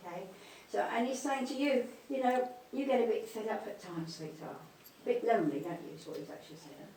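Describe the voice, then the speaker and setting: A woman's voice: on the high side, fairly quick, a little mellow. A woman works as a medium in front of a live audience, speaking in a tender way and calling people darling and sweetheart. Her mid-range voice rings around a hall from some distance away from the mic, with a faint hiss behind it. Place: spiritualist church hall.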